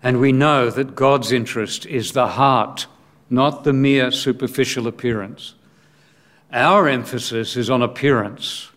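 A man preaching a sermon in a deliberate way, posing rhetorical questions. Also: mid-range voice, steady tone, a bit bright.

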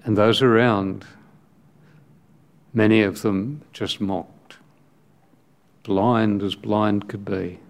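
A man delivers a sermon in a fairly low voice at an unhurried, deliberate pace. He speaks in short, emphatic phrases with long pauses between them. He reads scripture aloud as part of the preaching. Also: steady tone, creaky.

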